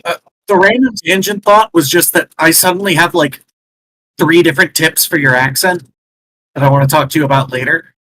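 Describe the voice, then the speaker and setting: A man's voice: a little high, brisk, sharp tone, no room sound, low-quality recording. A man playing in a tabletop game, chatting casually in a rambling way full of fillers. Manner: rambling, many fillers like "like" and "sort of". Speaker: player. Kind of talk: casual chat.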